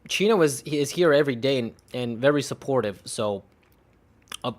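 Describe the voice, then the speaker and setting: A young man talks casually to his livestream audience, his voice sitting at an ordinary middle pitch. He rambles, restarts sentences and answers small letdowns with dry, sarcastic remarks and short laughs. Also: expressive, normal speed. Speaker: streamer. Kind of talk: casual livestream commentary while opening game cases.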